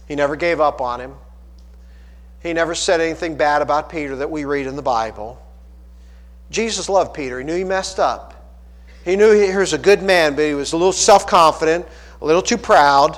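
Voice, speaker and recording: A man preaching a sermon, emphatic and swelling into loud appeals, often restarting his phrases. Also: on the high side. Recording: long hall reverb.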